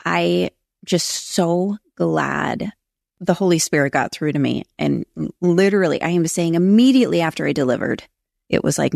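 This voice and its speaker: A woman's voice: lowish voice, moderate pace, creaky, darkish tone, no echo, studio quality. A middle-aged woman hosting a faith-based podcast, telling her own story in an earnest, confessional and emphatic way. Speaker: podcast host. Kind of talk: personal testimony talk.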